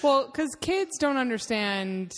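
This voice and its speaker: A woman's voice: high voice, expressive, takes it slowly, in a large hall. A woman co-hosting a podcast in casual chat, dryly correcting and teasing her co-host.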